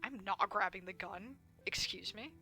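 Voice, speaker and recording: A woman streamer reading a visual novel aloud, with excited, swearing asides. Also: mid-range voice, moderate pace, soft background music.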